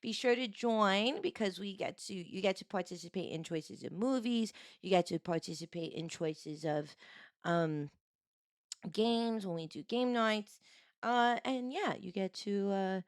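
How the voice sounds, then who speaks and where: A woman streamer with a sore, hoarse voice, greeting chat viewers one by one and chatting casually on a live stream. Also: medium pitch, a little slow, dry recording, studio quality.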